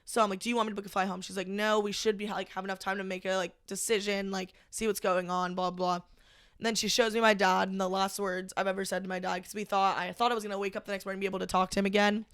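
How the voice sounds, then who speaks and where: A young woman, a podcast guest, recounting a personal story in casual conversation, halting and full of "like". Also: mid-range voice, little pitch movement, fairly bright tone, no echo, clean studio sound. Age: young adult. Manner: halting, heavy use of "like", emotional retelling.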